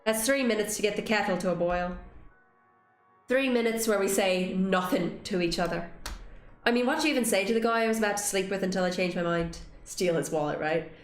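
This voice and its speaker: A young woman hosting a let's play, reading game narration aloud with expressive, swearing asides. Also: mid-range voice, reverberant.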